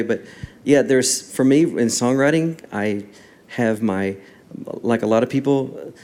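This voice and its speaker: Male guest, mid-range voice, relaxed storytelling with acted-out dialogue. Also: medium pitch. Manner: animated storyteller acting out dialogue. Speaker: worship songwriter and guest. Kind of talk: casual storytelling interview.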